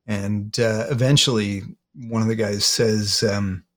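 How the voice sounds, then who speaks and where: A man with a lowish voice and steady tone is a guest in an interview, haltingly retelling a painful personal story and often repeating words.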